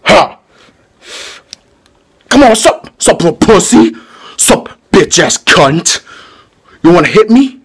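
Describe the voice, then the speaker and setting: A man's voice: high voice, sing-song, slow pace, pauses often, slightly rough, exaggerated voice. A man voicing a sneering 42-year-old male bully in a homemade skit, taunting a younger man. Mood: mocking.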